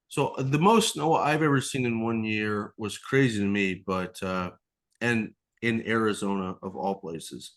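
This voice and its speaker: A man's voice: lowish voice, normal speed. A man who is a podcast guest, telling a rambling story in casual chat, swearing freely and acting out the other people in it. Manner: rambling, swears a lot, acts out voices.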